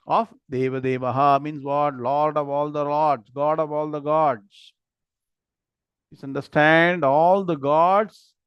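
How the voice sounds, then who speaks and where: A man with an Indian English accent leads a scripture lesson at a very slow, deliberate pace, sounding out each word and checking that students follow. His voice sits a little high, and the recording is dry and close. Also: smooth, dry recording. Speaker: Gita and Vedanta teacher. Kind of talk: online scripture class.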